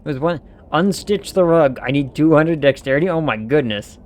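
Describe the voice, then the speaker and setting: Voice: medium pitch, lively intonation, moderate pace, a little mellow. A streamer casually playing a video game on a live stream, playful and reading the game's text aloud.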